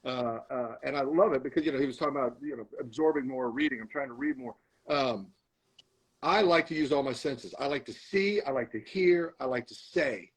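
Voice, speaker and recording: A middle-aged man telling stories as a podcast guest, animated, acting out arguments with himself. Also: medium pitch, a little fast, slightly rough, low-quality recording. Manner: animated storyteller, acts out arguing with himself. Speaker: guest, comedian and actor. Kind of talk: storytelling in a podcast interview.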